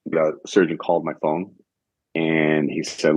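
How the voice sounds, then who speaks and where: A man's voice: a bass voice, fairly even intonation, unhurried, darkish tone, no room sound, dull audio. A young man from Michigan, a podcast guest, earnestly recounting events step by step and quoting what others told him. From Michigan, United States. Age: young adult. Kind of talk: conversational storytelling.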